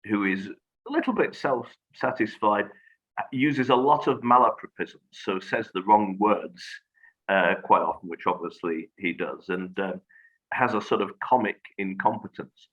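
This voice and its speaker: A man speaking as a guest in a reflective conversation, measured and thoughtful, pausing on fillers. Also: on the low side, lively intonation, a bit bright. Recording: dull lo-fi audio.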